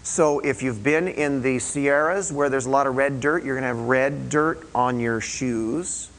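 A man's voice: medium pitch, a bit bright, rough recording. A male pastor preaching to a small group in a room, talking in a conversational way with frequent restarts and questions to the listeners. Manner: conversational, halting, with many restarts and rhetorical questions. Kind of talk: sermon.

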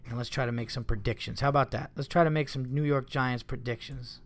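A man's voice: medium pitch, steady tone, fast. A man hosting a solo podcast, rambling casually, cursing often and getting exasperated. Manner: rambling, profane, easily exasperated. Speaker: comedian podcast host.

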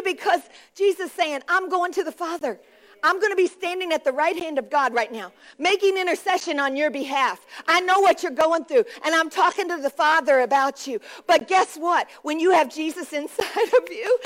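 A woman's voice: extremely high pitch, normal speed, a bit bright. A woman pastor preaching a sermon at a church service, making fervent declarations and calling the congregation to respond.

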